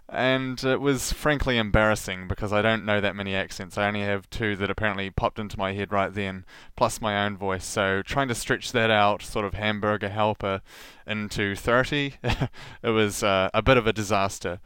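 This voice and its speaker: Kiwi guy doing a podcast demo, lowish smooth voice, jokey and laughing at himself, dry close sound. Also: steady tone, moderate pace, few pauses, a bit bright, no echo. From New Zealand. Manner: chatty, self-mocking, laughing often. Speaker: podcast host. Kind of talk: casual solo monologue.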